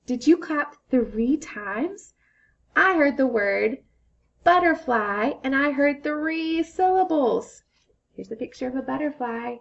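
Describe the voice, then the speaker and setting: A young woman teaches young children with a fairly high voice that carries a gravelly fry. She speaks very slowly and encouragingly, breaking into sing-song excitement, and the recording sounds a little dull. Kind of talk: children's phonics lesson.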